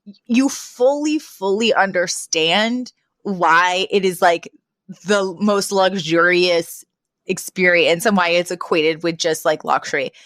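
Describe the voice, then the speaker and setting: A woman's voice: on the low side, slow, no room sound. Rambling woman co-host, dry close sound. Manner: rambling and animated, laughs often. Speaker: podcast co-host. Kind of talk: casual podcast chat.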